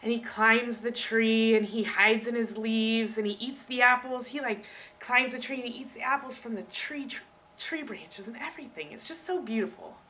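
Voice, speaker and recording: A woman student giving a casual book talk presentation, chatty and animated, speaking straight to her listeners. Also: fairly high pitch, normal speed, distant mic, slight background noise.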